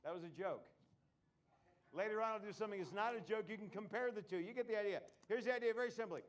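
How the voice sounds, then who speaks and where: High-voiced joking magician man. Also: fast talker. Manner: joking patter with the audience. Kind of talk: live comedy magic show. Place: live showroom with an audience.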